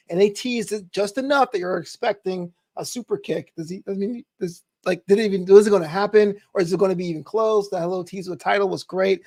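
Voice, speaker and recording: A man's voice: high voice, a little mellow, dry recording. A man co-hosting a wrestling podcast, chatting casually in a rambling, jokey way. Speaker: podcast co-host. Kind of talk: casual chat.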